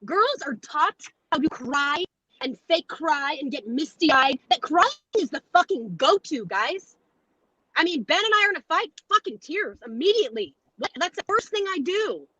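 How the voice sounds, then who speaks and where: High, bright-voiced woman ranting bluntly. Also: big pitch swings, normal speed, no room sound, lo-fi sound. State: jittery from coffee. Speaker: call-in panelist. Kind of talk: casual live chat. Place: on the move, heading home.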